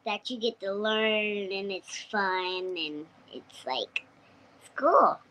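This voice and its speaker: A woman's voice: mid-range voice, takes it slowly, sharp tone. A young girl from Ohio, a podcast guest, answering questions chattily and often saying "like". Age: child. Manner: chatty, with lots of "like". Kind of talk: interview answers.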